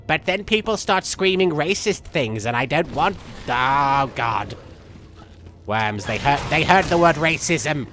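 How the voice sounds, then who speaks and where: A man's voice: fairly high pitch, background noise. Marik, a giddy goofy villain, played by a man. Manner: rambling, giddy, jumps between jokes. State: sniffling with a cold. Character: manic goofy male villain, childish and gleeful. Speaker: livestream gamer. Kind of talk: live game-stream commentary in character.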